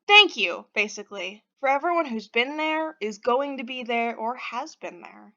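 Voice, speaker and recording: A woman's voice: on the high side, animated, moderate pace, sharp tone, muffled recording. A woman hosting a preview of her own game, chatting in a rambling, self-deprecating way and reading the narration. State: just woke up. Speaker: game developer and host.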